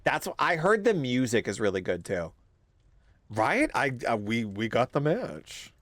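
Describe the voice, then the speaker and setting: A young man streaming a horror game, swearing, yelping and laughing loudly whenever something startles him. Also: medium pitch, wildly swooping pitch, unhurried, a little hiss or hum. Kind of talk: live horror game playthrough.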